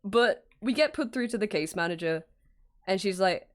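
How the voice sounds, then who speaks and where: A woman's voice: mid-range voice, normal speed. A woman streamer telling a story in a casual, exasperated way, acting out the people involved with some swearing. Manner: exasperated, animated retelling with acted-out quotes and swearing.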